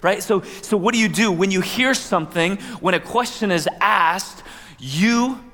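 A man's voice: high-pitched, a little slow, bright, forceful tone. A man pastor giving a conversational sermon, with asides and playful quoted voices. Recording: long hall reverb.

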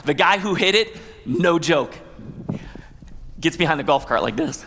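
A man's voice: on the high side, lively intonation, a little slow, gravelly, noisy background. A man pastor giving a conversational sermon, with asides and playful quoted voices. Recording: long hall reverb.

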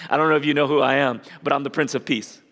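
A calm, confident young man speaks in measured, reassuring lines, as a preacher acts him out. His bright voice carries through a long church hall reverb. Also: medium pitch, natural voice. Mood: assured. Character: calm, self-assured young man of peace.

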